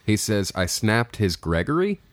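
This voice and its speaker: A man's voice: lowish voice, big pitch swings, unhurried, dry recording. A man hosting a podcast in casual, joking chat, rambling with lots of fillers. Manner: playful, rambling with many fillers. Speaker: podcast host.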